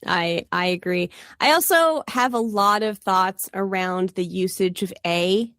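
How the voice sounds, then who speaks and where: A woman's voice: mid-range voice, unhurried, fairly bright tone, no room sound, clean studio sound. Laughing, chatty Canadian woman. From Toronto area, Canada. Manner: chatty, laughs often, digressive. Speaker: podcast co-host. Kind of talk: casual chat.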